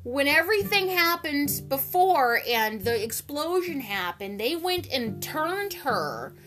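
A woman's voice: sits high, big pitch swings, slow, fairly bright tone. Chatty woman recapping with music behind. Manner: chatty and opinionated, acts out the quotes. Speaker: soap opera recapper. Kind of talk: casual episode recap. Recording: music playing underneath.

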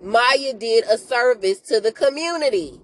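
A woman hosting a podcast, recapping a TV series in a casual, animated, slangy way, often speaking to listeners as y'all. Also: fairly high pitch, a little slow. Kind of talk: casual chat.

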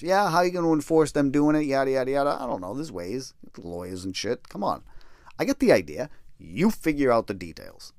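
A man's voice: darkish tone, no echo, clean studio sound. A middle-aged man hosting a podcast, rambling and self-deprecating as he tells stories from his life, sometimes reading a draft aloud. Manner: rambling, self-deprecating, reads a memoir draft in a lower, slower voice. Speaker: podcast host. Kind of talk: casual storytelling podcast.

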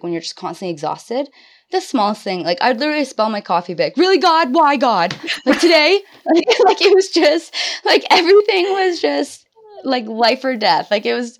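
A woman in her twenties talks casually on a podcast, voice a touch low. She tells her story in an animated way, quoting her past self in jumps of pitch. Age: 20s. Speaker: guest.

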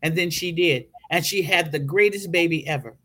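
A woman guest speaker on a podcast, telling a story in an animated preaching style. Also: lowish voice, normal speed. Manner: animated storytelling, acts out voices.

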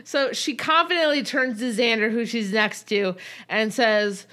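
A woman's voice: on the high side, a little slow, fairly bright tone. A woman co-hosting a podcast, casually recapping a reality show and acting out quoted lines with animation. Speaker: podcast co-host.

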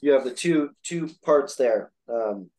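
A man's voice: medium pitch, animated, a little slow, darkish tone. A man, a pastor and podcast co-host, quoting scripture and reflecting with many fillers. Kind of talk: casual discussion.

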